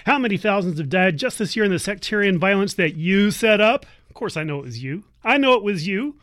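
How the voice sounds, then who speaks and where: A woman playing an exasperated family member who scolds her warmongering uncle in a sarcastic, nagging, teasing radio sketch. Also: medium pitch, lively intonation, a little fast, close to an everyday voice. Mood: scolding. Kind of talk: satirical radio monologue.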